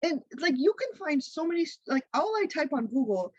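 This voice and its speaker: A woman's voice: high-pitched, a little fast, no room sound. Blunt, profane woman on a lo-fi podcast. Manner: blunt, profane, animated storytelling. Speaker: podcast guest, content creator and comedian. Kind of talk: casual interview chat.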